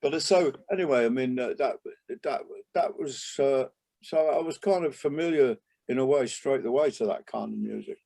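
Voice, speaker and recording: An older man, a jazz trumpeter, reminiscing in a relaxed interview, rambling with many restarts and asides. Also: medium pitch, moderate pace, creaky. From England.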